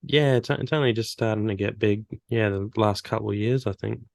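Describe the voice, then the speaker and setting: A man's voice: lowish voice, a little fast, creaky, darkish tone, no echo. A man from Australia, interviewing a guest in an easygoing way over a video call. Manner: easygoing, agreeable listener. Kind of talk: casual interview chat.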